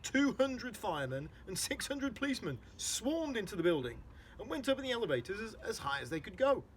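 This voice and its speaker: A man's voice: high-pitched, big pitch swings, brisk, a little hiss or hum. A man reading a children's storybook aloud, explaining hard words for young listeners.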